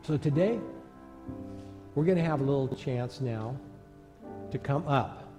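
A man preaching as a pastor in a church, telling a story in a conversational, animated way with fillers. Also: medium pitch, unhurried, over music. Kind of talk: storytelling sermon. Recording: long church reverb.

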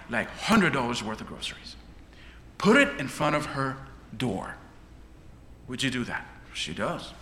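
A man preaches with dramatic swells, his pitch leaping and dropping through the sermon. His tone is bright and ringing. A long reverb follows him around a church hall, with a faint hum of ambience behind. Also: very animated, measured pace, long pauses. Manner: dramatic, rising and falling delivery.

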